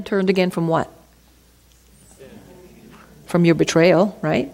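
A woman's voice: on the low side, fairly even intonation, slow, creaky, darkish tone. Woman teaching scripture. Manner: reads verses aloud, then asks rhetorical questions. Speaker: Bible teacher.

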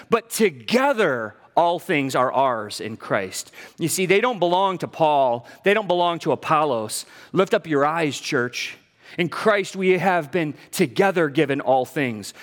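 A man's voice: high voice, fairly bright tone. A middle-aged man, a pastor, preaching a sermon emphatically, with humor and rhetorical questions to his congregation in a church sanctuary. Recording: long hall reverb.

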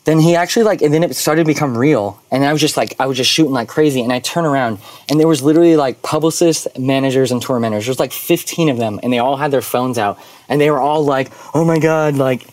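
A man casually telling a story about his work as a photographer, animated and full of filler words, acting out quoted dialogue. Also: mid-range voice, fast talker, hardly any pauses, dry recording.

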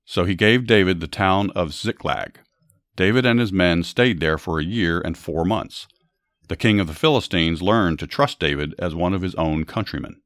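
A man hosting a podcast, narrating Bible stories with commentary in a steady, measured reading. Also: sits low, dry recording, studio quality. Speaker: podcast host.

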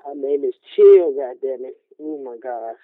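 A man's voice: mid-range voice, animated, moderate pace, dry recording. A man chatting casually as a podcast guest, joking and rambling, with lots of "you know" and "man". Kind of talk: casual chat. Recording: tinny phone line.

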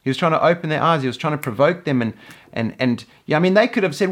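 A man's voice: on the high side, animated, fast talker, fairly bright tone. A man teaching from the Bible in an earnest sermon, often repeating words as he presses a point. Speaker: preacher.

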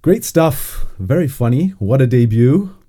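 A man's voice: medium pitch, lively intonation, measured pace, warm tone. A man hosting an interview, talking casually and encouragingly, with frequent hums and ums. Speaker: interviewer host.

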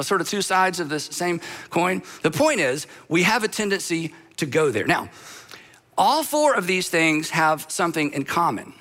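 A man's voice: high-pitched, sharp tone. A middle-aged male pastor delivering a sermon in a conversational way, with humorous asides and repeated phrases.

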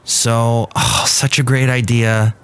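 A man's voice: medium pitch, flat delivery, takes it slowly, a bit bright, clean tone. A man hosting his own podcast in a wry, chatty, self-mocking monologue. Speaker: podcast host.

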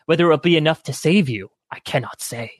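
A man reading the part of a grave old temple monk, speaking slowly and solemnly. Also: fairly high pitch, no room sound, studio quality, natural voice. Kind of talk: reading a story aloud with friends.

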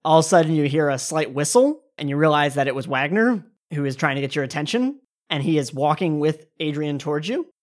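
Low-voiced lady running a tabletop game, lots of likes and ums. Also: lively intonation, a little fast. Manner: casual, filler-heavy narration. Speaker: game master.

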